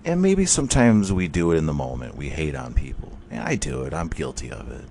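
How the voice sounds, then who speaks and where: A man with a very low voice hosts a podcast and rants in a loose, rambling way, full of swearing. His pitch swings widely as he goes. Faint background noise sits under him. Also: very animated, fairly quick, creaky, a little mellow. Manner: profane, rambling, jokey. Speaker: podcast host. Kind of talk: casual rant.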